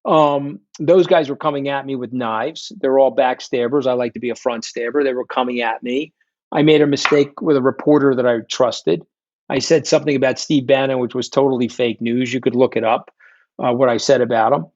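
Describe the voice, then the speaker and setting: A middle-aged man, a guest telling stories in an interview, blunt, combative and quick to swear. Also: mid-range voice, fairly even intonation, darkish tone, dry recording. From New York. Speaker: guest, fund founder. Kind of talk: candid storytelling interview. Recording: dull, dry lo-fi sound.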